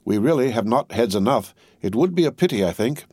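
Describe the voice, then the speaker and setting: A man reading the part of a cruel, bloodthirsty male juryman with a croaking voice. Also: medium pitch, expressive, fairly quick, darkish tone, no echo, studio quality, voice pushed up. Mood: relishing.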